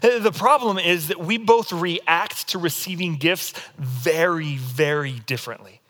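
Bright-voiced animated male pastor preaching. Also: on the high side, unhurried. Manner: demonstrative, animated storytelling. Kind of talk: sermon.

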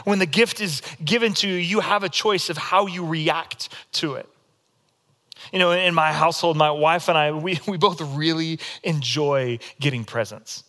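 A man preaching a sermon as pastor, telling stories in a demonstrative, animated way. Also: on the high side, normal speed.

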